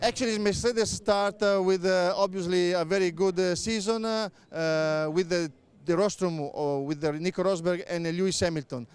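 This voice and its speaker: A middle-aged man with an Italian accent gives interview answers as a racing pundit, his voice smooth and resonant and sitting a little high. He halts often on filler sounds and circles back to restart his phrases. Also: steady tone, normal speed. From Italy. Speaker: motorsport pundit, former racing driver.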